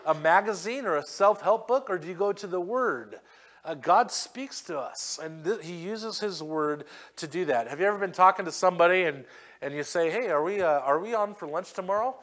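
A man's voice: sits high, fairly bright tone. A man preaching a sermon as pastor, reading scripture emphatically and acting out quoted voices. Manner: acts out quoted voices in asides.

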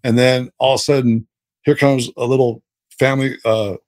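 A man as a podcast guest telling a story casually, animated and rambling with many restarts. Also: mid-range voice, moderate pace, no room sound.

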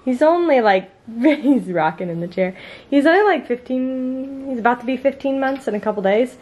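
A woman's voice: high voice, animated, normal speed, darkish tone. A young woman casually chatting in a home vlog, with lots of "like" and "um" fillers. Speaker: vlogger and mother. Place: family home indoors.

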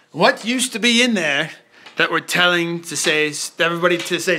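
A man in his thirties hosts a live toy stream from home, a dad with a high, bright and lively voice. He jokes around with his kids and races through viewer comments, often stumbling over his words. Faint noise sits behind him. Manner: loose, joking, reads comments quickly and stumbles. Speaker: family channel host, dad. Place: home, indoors.

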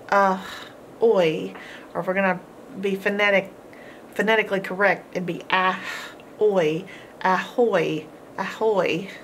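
A woman teaching a homeschool phonics lesson, sounding out each word slowly and repeating every sound, with encouraging praise. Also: mid-range voice, slight background noise. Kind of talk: slow, drawn-out phonics lesson.

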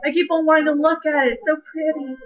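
A woman's voice: high voice, fairly even intonation. A young woman joking playfully and laughing easily while co-hosting a game playthrough. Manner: goofy, playful, quick to laugh. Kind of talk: casual gameplay chat. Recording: dull lo-fi home recording.

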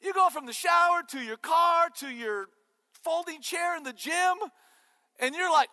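High, bright-voiced joking preacher in hall. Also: male voice, measured pace. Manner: animated and joking. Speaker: pastor. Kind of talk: sermon. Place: church sanctuary.

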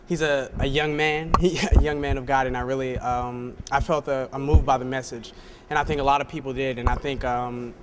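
A man's voice: mid-range voice, flat delivery, brisk. A man giving an earnest, hesitant audience testimonial. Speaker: audience member. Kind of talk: sincere testimonial. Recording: noisy recording.

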